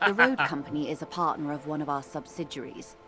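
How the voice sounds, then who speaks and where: An actress voicing a composed, calculating corporate woman negotiator in a video game, measured and persuasive. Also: sits low, sharp tone, soft background music. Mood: calm, persuasive.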